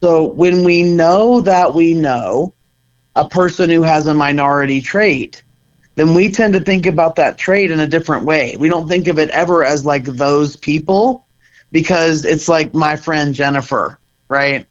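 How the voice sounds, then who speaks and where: A man's voice: a little high, measured pace. Earnest middle-aged man, dull audio. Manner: earnest, reflective, laughs often. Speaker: guest, center co-founder. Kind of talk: conversational interview.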